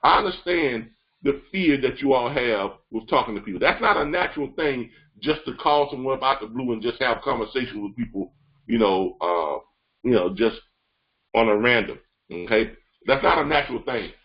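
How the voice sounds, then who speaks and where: A man leading a training call, coaching listeners with repetitive, animated talk. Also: mid-range voice, moderate pace, muffled recording. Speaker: freight broker trainer.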